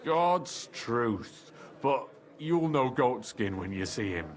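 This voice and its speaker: A man's voice: medium pitch, big pitch swings, slow pace. An actor playing a streetwise male fixer from a thieves' crew, with a Cockney accent and slangy talk. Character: shifty male thief-guild fixer, streetwise.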